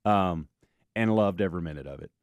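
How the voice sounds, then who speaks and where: A lowish-voiced man hosting morning radio, rambling easily through his stories. His voice is recorded dry and close on a studio mic. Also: a little fast, no echo. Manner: relaxed, rambling storytelling. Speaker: radio show host. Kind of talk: casual morning radio banter. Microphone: studio microphone.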